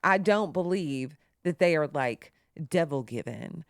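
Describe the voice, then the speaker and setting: A woman with a fairly low voice telling stories on a podcast. Her pitch swings widely, and it leaps up whenever she acts out what someone else said. The recording is dry and close. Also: unhurried, clean tone, dry recording. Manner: animated, jumps high when quoting others. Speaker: podcast co-host. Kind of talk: casual storytelling chat.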